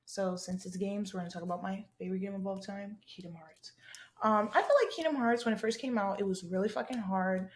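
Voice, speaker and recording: A woman's voice: mid-range voice, fairly quick. Woman, young adult, podcast host, casual solo chat, blunt, slangy, swears freely. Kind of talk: casual solo chat answering listener questions.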